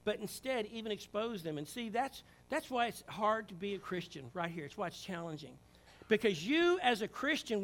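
A male pastor preaches from the pulpit in a high, bright voice. He builds to loud, emphatic calls to his congregation, then sinks low and hushed for prayer. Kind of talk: sermon. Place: church sanctuary.

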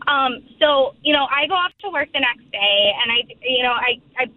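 High-voiced woman caller on a phone line. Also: expressive, moderate pace. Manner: rambling, full of "like" and "um". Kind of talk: telling a story on the phone.

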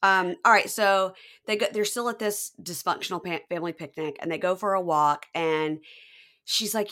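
Bright-voiced woman recapping a show. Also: on the low side, normal speed. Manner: animated, acts out quoted people. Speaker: podcast co-host. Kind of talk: casual chat recapping a reality show.

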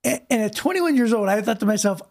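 Gravelly-voiced man telling a story. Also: sits high, fast talker. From Ohio. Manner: animated, frequent repeated words and restarts. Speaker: pastor and podcast co-host. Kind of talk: casual storytelling chat.

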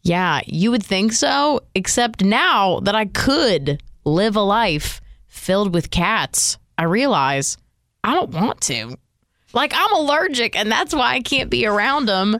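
A woman's voice: medium pitch, animated, slow pace, a bit bright, no echo, studio quality. A woman co-hosting a radio show podcast, chatting casually, chatty and self-deprecating. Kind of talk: casual chat.

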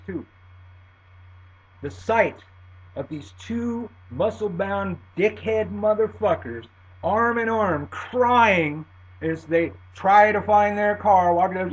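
A middle-aged man telling a profane personal story in an animated way, swinging between loud and muttered lines. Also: a little high, measured pace, slightly rough. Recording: dull lo-fi recording with faint hum.

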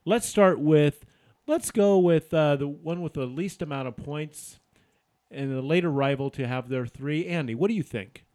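A man's voice: fairly high pitch, moderate pace, a little mellow. A man hosting a casual word game with friends, reading out clues in a teasing, upbeat way. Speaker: game host.

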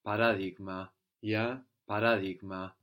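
A man's voice: lowish voice, flat delivery, measured pace, fairly bright tone. A man teaching a one-on-one spoken language lesson, patiently explaining words and then quizzing his student.

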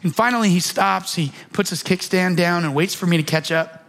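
A man's voice: high voice, a little fast, gravelly, a bit bright. A man in his thirties preaching a sermon, telling a childhood story in a conversational way and acting out the lines of the people in it. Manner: conversational, restarts and fillers, acts out quoted lines. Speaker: pastor.

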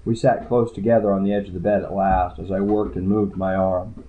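Man, story narrator, low voice, dry wry delivery, phone-like tinny sound. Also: flat delivery, brisk. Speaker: audiobook narrator. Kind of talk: first-person story narration.

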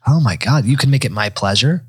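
A playful man in casual conversation, chiming in with jokes and quick reactions. His husky voice moves lively up and down, recorded close and dry. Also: medium pitch, dry recording. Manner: playful, reacts with quick comments and jokey bits. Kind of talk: casual chat.

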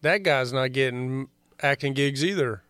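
A man's voice: mid-range voice, unhurried, fairly bright tone, clear, resonant tone, no room sound. A man in a casual chat, tossing out offhand quips.

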